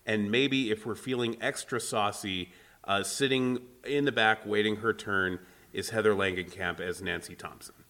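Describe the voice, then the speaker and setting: Male podcast co-host, lowish voice, wordy, self-correcting film talk. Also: steady tone, moderate pace, pushed and bright. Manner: wordy, self-correcting, builds points in long lists. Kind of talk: casual movie review chat.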